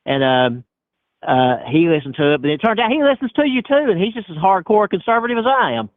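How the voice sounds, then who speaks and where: A man's voice: high-pitched, sing-song, fairly quick, no echo. A man calling into a live chat, rambling and repeating himself. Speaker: caller. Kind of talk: phone call-in chat. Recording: dry tinny phone line.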